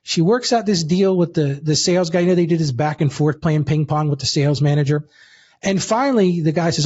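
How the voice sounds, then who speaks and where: A man with a high, husky voice tells a story in a lively, casual way. The audio is dull and lo-fi. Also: a little fast. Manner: lively, casual, addresses listener as dude. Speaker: guest. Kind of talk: animated storytelling.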